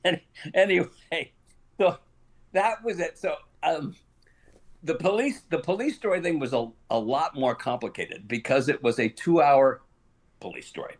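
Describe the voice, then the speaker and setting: This older guest actor on an interview show has a fairly high-pitched voice and talks at a normal pace. Telling a lengthy story, he's an animated narrator who keeps chuckling and performs the quoted dialogue.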